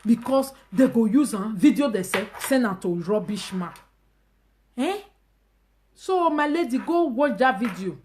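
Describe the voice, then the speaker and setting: A woman speaking Nigerian Pidgin English, hosting a casual live stream and ranting emphatically and mockingly, with loud outbursts and low asides. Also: expressive, measured pace, noisy background. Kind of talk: animated casual rant.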